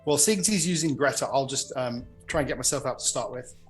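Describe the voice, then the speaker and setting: A man's voice: medium pitch, quick pace, faint music behind. A man playing a tabletop game, asking questions about the rules in a casual way. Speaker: player.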